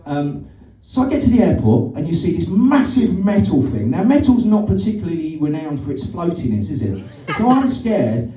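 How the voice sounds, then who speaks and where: A man's voice: a little high, very animated, moderate pace, hardly any pauses, mellow. A middle-aged man doing a rambling, sweary, sardonic stand-up comedy set on a club stage. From Britain. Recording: roomy stage sound from a distance.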